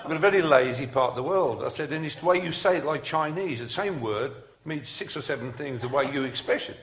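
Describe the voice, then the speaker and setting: Male preacher; animated, joking delivery, swooping pitch, echoey hall sound. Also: fairly quick, crowd noise. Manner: animated storytelling, jokes and asides. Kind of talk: humorous sermon at a conference.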